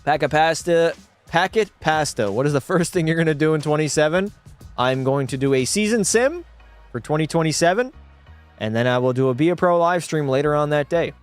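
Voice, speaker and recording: A young man streaming a hockey video game, chatting with his viewers and breaking into profane, shouted rants. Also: fairly high pitch, a little fast, clean tone, faint music behind. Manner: profane, talks to chat, erupts into shouting rants. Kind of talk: casual gaming livestream commentary.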